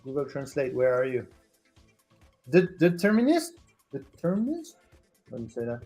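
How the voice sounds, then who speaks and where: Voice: mid-range voice, wildly swooping pitch, normal speed, pauses often, a little mellow, muffled recording, soft background music. Hesitant streamer searching for words. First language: French. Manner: hesitant, searches for English words, restarts a lot. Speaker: livestream host. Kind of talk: casual livestream chat with viewers.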